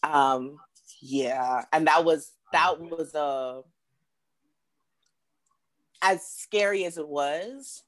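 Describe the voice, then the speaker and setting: A woman from the Bahamas, a guest telling a personal story in casual chat, lively and repeating words as she acts out what people said. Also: deep voice, very slow, pauses often.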